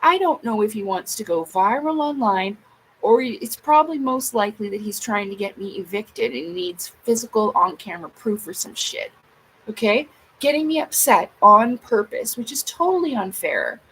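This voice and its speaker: A woman's voice: fairly high pitch, expressive, normal speed, a bit bright, low-quality recording. A woman venting to her viewers in a casual vlog, agitated and swearing as she acts out her own side of arguments. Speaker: vlogger. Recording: faint background noise.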